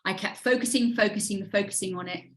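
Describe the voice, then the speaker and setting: A middle-aged woman, a guest coach who talks thoughtfully and pauses often with fillers. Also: mid-range voice. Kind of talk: conversational interview.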